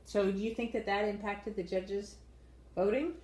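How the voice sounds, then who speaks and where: A woman co-hosting a casual dance-show review, measured and agreeable, steering the talk. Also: medium pitch, fairly even intonation, a little mellow, roomy sound, poor audio.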